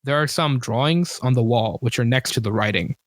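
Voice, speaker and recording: A man's voice: medium pitch, a little fast, dry recording. A man narrating a tabletop game as game master, casual and rambling, with many fillers and self-corrections.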